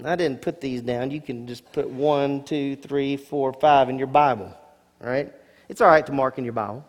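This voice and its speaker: A man's voice: a little high, moderate pace. Preaching man in a reverberant hall. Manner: expressive preacher, rising emphasis on key words, asides to congregation. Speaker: pastor. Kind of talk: sermon.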